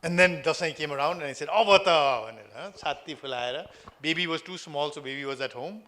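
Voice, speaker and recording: A middle-aged man with a Nepali accent giving a lively storytelling speech to a live audience. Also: fairly high pitch, racing. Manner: lively storytelling, mixing in acted quotes. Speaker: public speaker.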